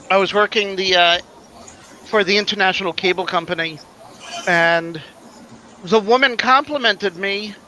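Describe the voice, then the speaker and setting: Bright high-voiced chatty man. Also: a little hiss or hum, poor audio. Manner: chatty storyteller, easygoing and joking. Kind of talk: casual chat.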